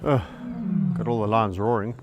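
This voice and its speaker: A middle-aged man who hosts a wildlife channel, giving casual on-the-spot commentary outdoors at a sanctuary. He is chatty and relaxed, talks to the animals and chuckles often. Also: on the low side, moderate pace, very noisy.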